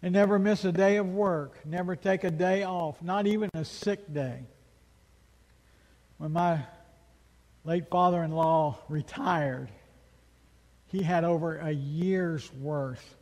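Male pastor, high voice, unhurried delivery, emphatic sermon with rhetorical questions, echoing hall. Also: darkish tone. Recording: long reverb of a large hall.

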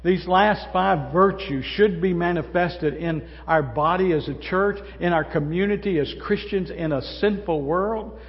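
An older man delivers a folksy sermon from the pulpit, his voice sitting a little high for a man. He talks to the congregation as if chatting and keeps asking them questions. The sound is slightly muffled and rings with a long church reverb. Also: unhurried, hardly any pauses. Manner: folksy, conversational preaching with rhetorical questions. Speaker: pastor. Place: church sanctuary.

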